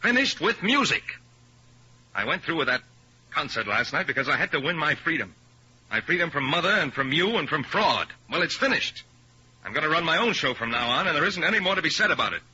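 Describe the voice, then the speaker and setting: Bitter young pianist, sarcastic, lively pitch, vintage radio drama. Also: male voice, fast, slightly rough, exaggerated voice. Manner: scornful and sarcastic. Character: bitter young male pianist rejecting his career. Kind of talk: 1950s radio acting. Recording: lo-fi old radio recording.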